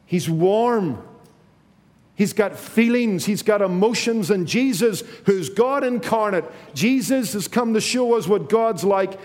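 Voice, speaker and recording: A man preaching a sermon, slow and emphatic, repeating key phrases to his congregation. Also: high voice, expressive, darkish tone, in a large hall.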